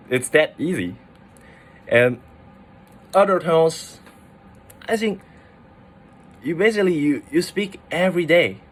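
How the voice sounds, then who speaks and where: A man, a Mandarin speaker, casually explaining language tones, with many "like" fillers and restarts. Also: mid-range voice. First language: Mandarin Chinese. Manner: chatty, full of "like" fillers and restarts. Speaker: language teacher.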